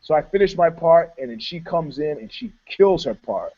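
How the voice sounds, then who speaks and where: A man spins long stories in casual podcast chat. He is lively and quick to laugh, and his voice sits a little high. The recording sounds dull and lo-fi. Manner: animated, laughing storyteller. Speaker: podcast co-host.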